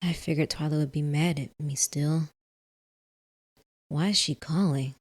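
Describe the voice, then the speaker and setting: A woman hosting a let's play, reading a visual novel in the first person, softly, with casual asides. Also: sits low, steady tone, unhurried.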